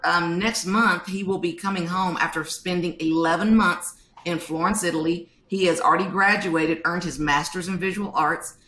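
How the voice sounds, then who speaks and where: A woman, a podcast guest telling stories in an animated way and acting out quotes. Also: medium pitch, roomy sound. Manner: animated storytelling, acts out quotes. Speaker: guest author. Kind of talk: podcast interview.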